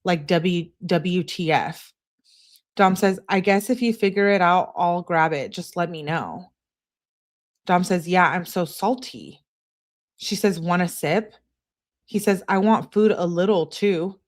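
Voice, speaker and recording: A woman's voice: on the low side, measured pace. A woman hosting a true crime channel, reading text messages aloud in a plain way and spelling out abbreviations letter by letter.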